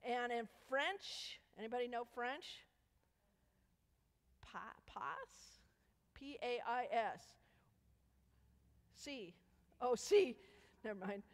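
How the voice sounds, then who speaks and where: Woman doing the kids' talk at church, kinda high voice, playful and coaxing, big echo in the room. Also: slow, pauses often. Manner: playful, coaxing questions to children. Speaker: children's message leader. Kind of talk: children's sermon. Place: church sanctuary. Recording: echoey church hall.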